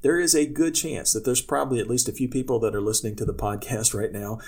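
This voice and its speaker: Husky-voiced male public speaking coach. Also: mid-range voice, fast talker, a little mellow. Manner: tells personal anecdotes, acting out quoted speech; loose, many restarts. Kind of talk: casual podcast talk.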